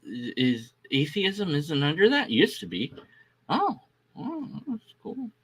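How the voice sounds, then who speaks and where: A man's voice: a little high, huge pitch swings, slow pace, a bit bright, slightly rough. A man on a live stream, ranting in a casual, rambling way, exasperated and mocking. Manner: exasperated, restless, mocking with blah-blah mimicry.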